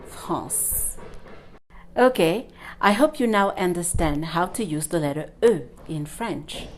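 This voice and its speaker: A woman's voice: lowish voice, expressive, moderate pace, a little hiss or hum. A woman teaching a French lesson, patiently repeating and demonstrating sounds for her learners. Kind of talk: online language lesson.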